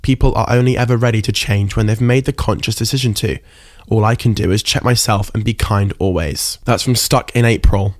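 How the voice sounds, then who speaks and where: A man's voice: fairly low pitch, fairly even intonation, brisk, no room sound. Emotional young man, dry close sound. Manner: emotional, candid, swears casually. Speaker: podcast host. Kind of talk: casual solo podcast reflection.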